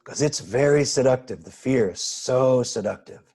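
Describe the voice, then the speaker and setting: A man guiding a slow, pausing meditation over a video call, asking gentle questions. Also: medium pitch, faint music behind. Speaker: spiritual teacher. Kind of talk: guided meditation.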